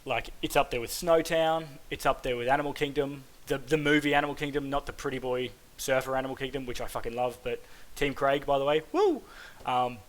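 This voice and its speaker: A man's voice: mid-range voice, flat delivery, brisk, poor audio. An Australian man from Queensland in his twenties, giving a casual spoken film review with many "um"s and "like"s and plenty of swearing. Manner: casual, frequent "um" and "like", swears freely.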